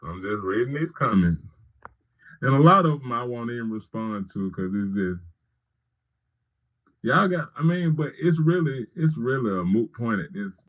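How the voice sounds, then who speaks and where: A man's voice: medium pitch, big pitch swings, measured pace, muffled recording. A man giving heated political commentary on a livestream, arguing with viewers by name and repeating his points. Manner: argumentative, repeating phrases, addressing commenters by name.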